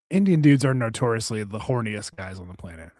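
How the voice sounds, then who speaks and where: A man's voice: fairly low pitch, expressive, moderate pace, mellow, no echo. Crude joking podcast co-host man. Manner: loose and crude, full of fillers. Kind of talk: casual comedic banter.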